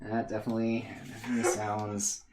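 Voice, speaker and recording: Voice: mid-range voice, completely flat delivery, brisk. A young adult in casual chat on an art stream, joking around and laughing a lot. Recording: roomy sound with faint noise.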